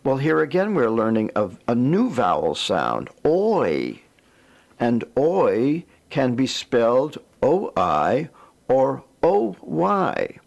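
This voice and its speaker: Gravelly Boston man explaining phonics. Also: medium pitch, wildly swooping pitch, slow pace. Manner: chatty, lightly joking. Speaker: reading teacher. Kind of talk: explaining a phonics lesson, casual.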